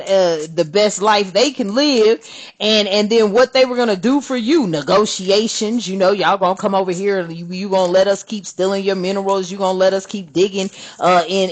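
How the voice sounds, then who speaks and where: A woman hosting a spiritual card-reading channel, ranting bluntly and profanely while reading cards. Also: mid-range voice.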